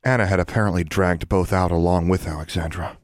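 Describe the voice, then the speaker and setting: Deep-voiced male audiobook narrator. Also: steady tone, fairly quick, no echo, clean studio sound.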